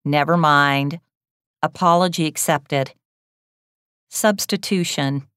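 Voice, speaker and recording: A woman reading English lesson headings and phrases in a measured, even way. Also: low voice, clean tone, no echo, studio quality. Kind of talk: slow, clearly read language-lesson phrases.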